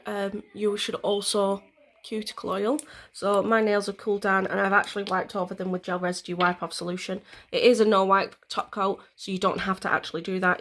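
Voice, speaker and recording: A woman vlogger's mid-range, slightly bright voice comes with a little background noise. Her nail tutorial is a casual step-by-step walkthrough, chatty and meandering, peppered with fillers.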